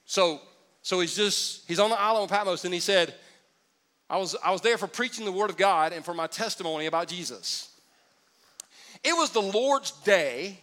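A man preaching a lively sermon to a congregation, joking with the crowd and building up to shouts. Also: on the high side. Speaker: pastor.

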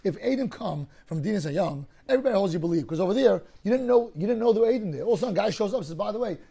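Guy teaching talmud, highish voice, gravelly, clears his throat a lot. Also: racing. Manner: explains cases through lively hypothetical scenarios. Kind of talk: Talmud class explanation.

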